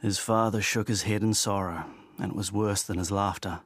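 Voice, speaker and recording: A man with a very low voice reads a novel aloud at a measured, steady pace. His reading stays even from line to line. The recording is dry and close. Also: breathy edge, dry recording. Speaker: audiobook narrator. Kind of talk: scripted narration.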